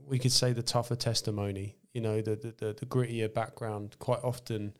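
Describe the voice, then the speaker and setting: A man's voice: fairly low pitch, little pitch movement, brisk. A man hosting a faith podcast, speaking thoughtfully and hesitantly. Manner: thoughtful, hesitant with fillers and repeats. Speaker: podcast host. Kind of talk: casual conversation.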